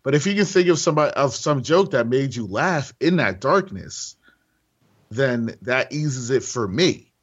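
A male comedian guest on a podcast, speaking candidly and haltingly, with frequent restarts and fillers. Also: mid-range voice, lively intonation, breathy edge, muffled recording.

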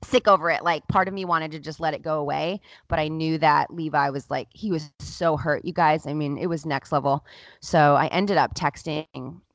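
A woman's voice: low voice, steady tone, moderate pace, no room sound. A woman in her thirties hosting a podcast, telling a personal story in a candid, emotional way with lots of "like". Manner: candid, emotional, heavy use of "like". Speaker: podcast host. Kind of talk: casual storytelling chat.

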